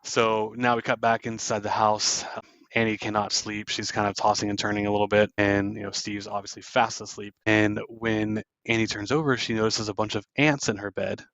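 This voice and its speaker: A man's voice: lowish voice, level tone, normal speed, fairly bright tone, no echo, dull audio. A man hosting a podcast, loosely retelling a film scene by scene with plenty of fillers. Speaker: podcast host. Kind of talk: casual film recap.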